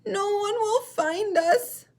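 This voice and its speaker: A woman's voice: extremely high pitch, slow, a little mellow, pitched above the performer's own voice, full character voice. A woman voicing a small worried baby seal in a storybook reading, slightly raised and plaintive. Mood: childlike.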